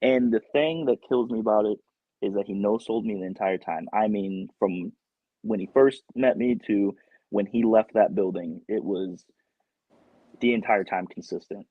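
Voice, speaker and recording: Animated man telling a story, dull recording. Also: fairly low pitch, moderate pace, slightly rough, dry recording. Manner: animated storyteller who laughs often. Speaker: guest professional wrestler. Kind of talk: casual storytelling in an interview.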